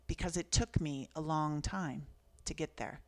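In an unhurried, deep voice with fairly even intonation, a fiftyish Canadian woman shares her own stories. She's an author on as a guest, and her manner is soft-spoken, earnest and thoughtful.

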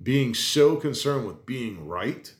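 A man's voice: medium pitch, lively intonation, slow pace. Emphatic rambling man in a roomy space. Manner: rambling and emphatic, swearing, many restarts. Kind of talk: casual chat. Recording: roomy echo.

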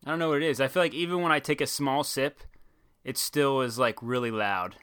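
A young man co-hosts a podcast, chatting casually and rambling with lots of fillers and restarts. His mid-range voice is brisk, fairly bright, clear and resonant, recorded cleanly in a studio with no room sound.

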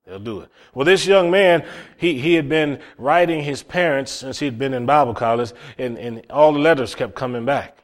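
A man's voice: medium pitch, moderate pace. A man preaching a sermon, building emphasis through repeated phrases. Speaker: pastor.

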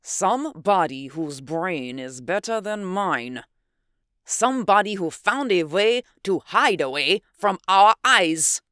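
A reader voicing a huge, excitable German scientist with a German accent and emphatic outbursts. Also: mid-range voice, slow pace, smooth, no room sound, studio quality, voice pushed up. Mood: shaken, brooding. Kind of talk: audiobook character voice.

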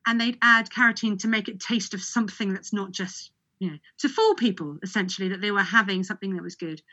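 Woman from britain, bright, chatty, laughs easily, dull lo-fi sound. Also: medium pitch, fast talker. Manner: chatty, laughs often, many restarts. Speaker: olive oil expert guest. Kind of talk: casual conversational interview.

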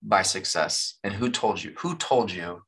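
A man's voice: low-pitched, measured pace, fairly bright tone, slightly rough. A man, a musician guest on a podcast, talking earnestly and with animation about faith and forgiveness. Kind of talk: candid podcast conversation.

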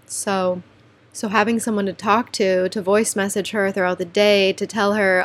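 A young woman with a mid-range voice talks candidly to her viewers in a personal vlog. She is chatty and animated, now and then dropping to soft, quiet asides. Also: medium pitch, moderate pace. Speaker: vlogger.

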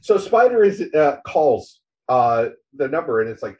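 A man in casual chat, retelling a comic's scenes with many fillers and quick voiced quotes of the characters. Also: mid-range voice, very animated, a little mellow. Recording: dull lo-fi recording.

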